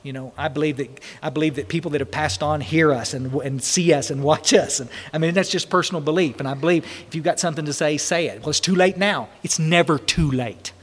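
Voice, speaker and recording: A man's voice: a little high, steady tone, fast talker, hardly any pauses, slightly rough, in a large hall. Emotional, rambling man at a recovery meeting. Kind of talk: answering questions at a meeting.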